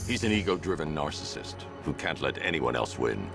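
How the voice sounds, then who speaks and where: A man's voice: rumbling low, big pitch swings, brisk, creaky, over music, exaggerated voice. An actor voicing a grim, brooding male masked vigilante in a video game, terse and growling.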